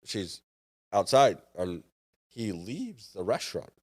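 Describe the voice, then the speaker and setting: A man's voice: lowish voice, big pitch swings, takes it slowly. A man in his thirties, a podcast guest, telling a story casually and acting out the dialogue.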